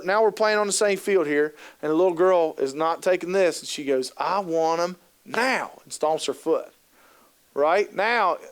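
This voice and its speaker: Brief: male speaker, high pitch, lively storyteller who acts out the scenes he describes. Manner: animated, joking, acts out scenes. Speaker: keynote speaker on youth work. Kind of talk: humorous storytelling presentation.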